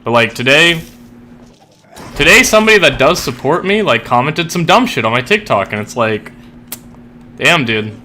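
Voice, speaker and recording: A man's voice: medium pitch, big pitch swings, normal speed, long pauses, sharp tone, a little hiss or hum. A young man streaming and chatting casually about his writing, rambling with lots of fillers and frequent swearing. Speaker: streamer and writer. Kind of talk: casual chat while gaming.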